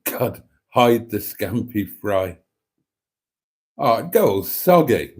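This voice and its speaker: A man hosting a casual livestream, reading out viewer messages in a slow, unhurried way. His pitch swings about in an animated manner as he groans, mutters asides and breaks into snatches of old songs.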